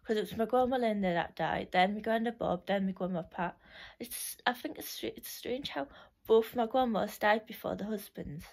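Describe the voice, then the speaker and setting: A woman's voice: medium pitch, normal speed, vocal fry. A young woman reminiscing in a casual, rambling way, full of "like" and restarts, often laughing.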